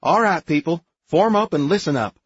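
A man voicing a brisk female drill sergeant who barks commands at her squad. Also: fairly high pitch, animated, slightly rough, no room sound, muffled recording, pitched above the performer's own voice. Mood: commanding. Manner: barking commands.

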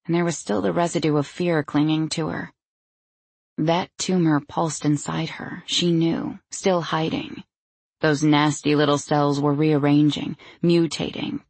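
A woman narrating a novel in a measured storytelling way. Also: sits low, gravelly, darkish tone, breathy edge, no echo. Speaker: audiobook narrator. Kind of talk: scripted narration.

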